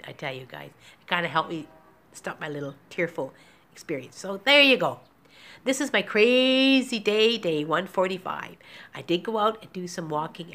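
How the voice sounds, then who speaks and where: An emotional woman speaks to her camera from a small apartment, rambling and candid, near tears with nervous little laughs. Her voice sits slightly low. A faint room hum is present in the background. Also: sharp tone. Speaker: vlogger. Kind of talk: emotional personal vlog.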